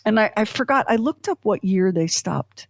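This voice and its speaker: A woman co-hosting a podcast, in chatty, animated casual talk full of fillers and asides. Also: mid-range voice, normal speed, no room sound. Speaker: podcast co-host. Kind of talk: casual chat.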